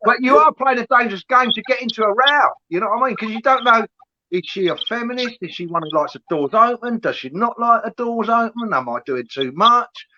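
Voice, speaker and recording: A middle-aged man, high and bright in the voice, rants bluntly and swears freely. The sound is dull and lo-fi, with a faint hiss underneath. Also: expressive, fairly quick. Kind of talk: casual podcast chat.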